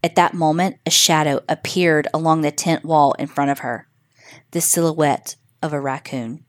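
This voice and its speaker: A woman narrating a scripted spooky story for children in a measured, suspenseful way. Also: low-pitched, fairly even intonation.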